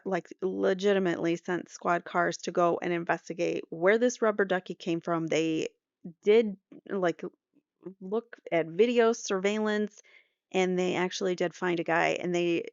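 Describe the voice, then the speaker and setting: Gravelly, low-pitched woman podcast host. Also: no echo, dull audio. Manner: sarcastic, chatty, laughs at her own asides. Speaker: true crime podcast host. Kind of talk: casual commentary reading an article aloud.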